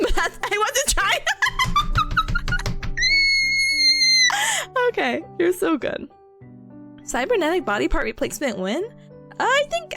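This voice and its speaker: A young woman streaming and chatting casually, telling stories in an animated way with bursts of laughter. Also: high voice. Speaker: VTuber streamer. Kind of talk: casual chat.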